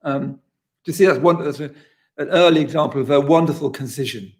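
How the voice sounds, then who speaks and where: A man with a British accent, a poet leading a session, reading a poem slowly and then discussing it in quick, animated bursts. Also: a little high. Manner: reads slowly and deliberately, then talks fast and animated. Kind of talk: poetry reading and talk.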